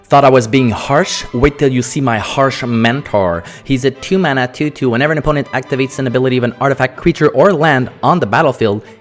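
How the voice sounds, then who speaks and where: Man from France, native French speaker, host, card review, sarcastic, jokey, quick rules reading. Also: mid-range voice, soft background music. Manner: sarcastic, jokey, rattles off card text fast.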